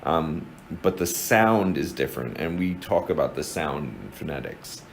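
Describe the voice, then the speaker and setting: Deep-voiced New Jersey man teaching. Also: moderate pace, slight background noise, poor audio. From New Jersey, USA. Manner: relaxed, explanatory, many fillers and restarts. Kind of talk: informal lesson.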